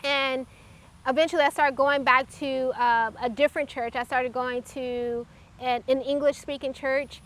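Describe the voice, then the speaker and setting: A woman telling a personal faith testimony in an earnest, reflective way, pausing often as she recalls events. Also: sits high, fairly even intonation, a bit bright. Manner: earnest, halting, reflective storytelling. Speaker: testimony speaker.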